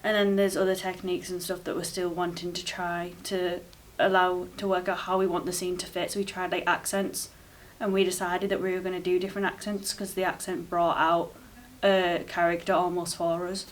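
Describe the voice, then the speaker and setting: A woman's voice: fairly low pitch, flat delivery, fairly quick, few pauses, recorded from a distance. A woman drama student explaining a project plan in rambling, filler-heavy casual talk.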